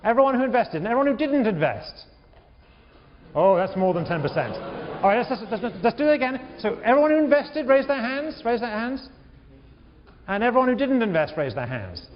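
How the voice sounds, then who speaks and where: Animated male lecturer in a big hall. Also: extremely high pitch, fairly quick, a little hiss or hum. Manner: animated, repeats words, questions the class. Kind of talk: university lecture. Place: large lecture hall with balcony. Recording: echoey hall, dull lo-fi sound.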